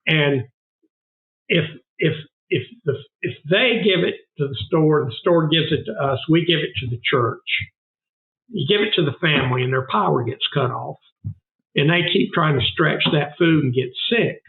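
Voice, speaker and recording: Through a narrow, phone-like recording, an older man with a Southern US accent speaks at a moderate pace in a fairly high, animated voice. As a food bank founder guesting in a casual interview, he shares earnest, emphatic stories and repeats points for stress.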